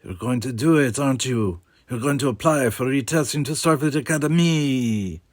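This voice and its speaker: A man's voice: medium pitch, normal speed, no echo, clean studio sound, close to an everyday voice. A man voicing a moody, slightly plaintive young man.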